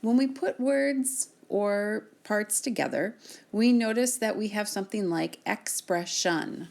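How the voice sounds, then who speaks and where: Slow, lively woman teacher. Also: medium pitch. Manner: slow, clear, sounding out words for students. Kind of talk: recorded reading lesson.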